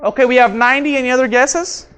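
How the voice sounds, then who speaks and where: A man teaching a workshop to a live audience, quizzing the room and acting out his examples in an animated way. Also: extremely high pitch, fast talker, clean tone. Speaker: workshop instructor. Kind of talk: interactive seminar lecture.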